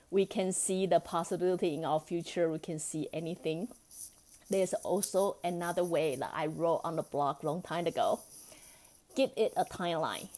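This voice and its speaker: A woman, a non-native English speaker, talking as a spiritual coach in a podcast monologue, gently acting out inner dialogues and laughing often. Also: on the low side. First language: not English. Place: Vancouver.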